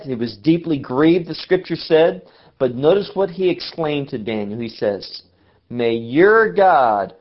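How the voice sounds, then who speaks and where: A man preaching a sermon, reading scripture aloud and explaining it with measured, dramatic pauses. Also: a little high. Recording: dull lo-fi recording.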